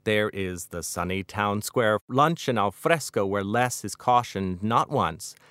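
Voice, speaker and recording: Author reading his own prose; middle-aged man, resonant and crisp, close and dry. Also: lowish voice, animated, fairly bright tone, no room sound. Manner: measured, wry literary narration.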